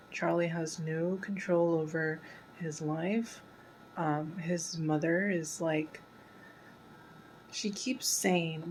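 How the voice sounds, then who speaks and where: A woman talks through a TV episode as a casual reaction host, slow and unhurried, her voice sitting a little low. She muses aloud with plenty of fillers and drops to a near-whisper when something feels sad. A faint hiss of background noise runs under the recording. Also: rough recording. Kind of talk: casual pause-and-talk commentary.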